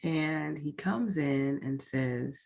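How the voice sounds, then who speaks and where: A woman podcast host speaks low and slow, with vocal fry and a darkish tone. She candidly and emotionally recounts a painful personal experience, addressing her listeners directly.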